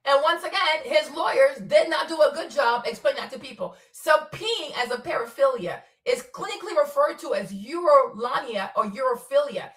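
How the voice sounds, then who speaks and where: A woman's voice: sits high, a bit bright, reverberant, far from the mic. A woman hosting a casual commentary stream, blunt and profane, laughing often as she rants. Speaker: commentary host.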